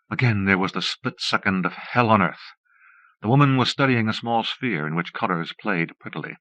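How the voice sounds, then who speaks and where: A man with a low voice reads a story aloud steadily and in measured phrases. The recording comes from a dull old cassette and sounds close and dry. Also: animated, sharp tone, dry recording. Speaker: audiobook narrator. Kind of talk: audiobook narration.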